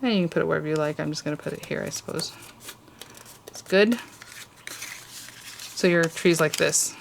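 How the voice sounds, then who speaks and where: A woman's voice: sits low, normal speed, vocal fry, a little hiss or hum. A woman hosting a casual crafting tutorial, chatty and gushing over cute details as she works.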